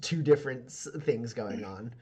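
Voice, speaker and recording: A man's voice: medium pitch, moderate pace, warm tone, slightly rough. Rambling game master man. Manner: rambling, filler-heavy, full of "like". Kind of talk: narrating a tabletop game.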